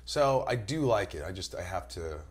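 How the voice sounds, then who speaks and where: A middle-aged man from New York chatting as a podcast guest, telling animated stories, swearing freely and acting out other people's voices. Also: sits low, normal speed. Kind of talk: casual podcast chat.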